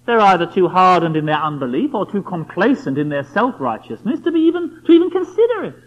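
A man's voice: high voice, big pitch swings, brisk. A man preaching a sermon, emphatic and full of rhetorical questions aimed at the listener. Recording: dull lo-fi recording.

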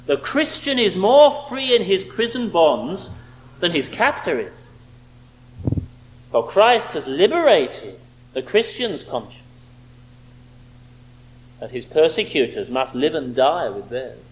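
A man's voice: fairly high pitch, sing-song, slow pace, long pauses, a little hiss or hum, poor audio. A man preaching a sermon, emphatic and fond of rhetorical questions.

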